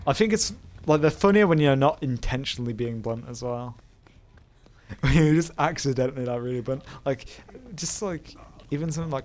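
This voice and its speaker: A man's voice: medium pitch, moderate pace. A young man streamer chatting casually while gaming, rambling with lots of fillers and frequent laughter. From Britain. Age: young adult. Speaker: game streamer.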